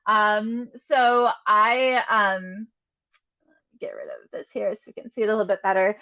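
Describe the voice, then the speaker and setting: A woman's voice: mid-range voice, a little slow, pushed and bright, muffled recording. A woman hosting a casual video interview, enthusiastic and giggly as she praises her guest. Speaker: interviewer, host.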